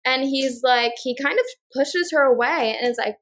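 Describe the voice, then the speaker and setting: A woman's voice: sits high, a bit bright. A woman co-hosting a podcast, recapping a reality show in casual chat and acting out quotes from the cast. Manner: fast recapping with acted-out quotes. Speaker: podcast co-host.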